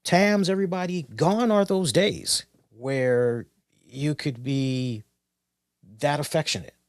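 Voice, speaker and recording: A man's voice: on the high side, slow pace, dry recording. Rambling male podcast co-host, dry sound. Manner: rambling, anecdotal, many restarts and "you know"s. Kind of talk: casual podcast chat.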